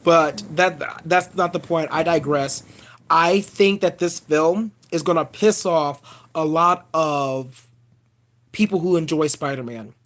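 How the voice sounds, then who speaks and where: A man ranting casually on a live stream, animated and profane, calling his viewers y'all. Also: on the high side. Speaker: vlogger.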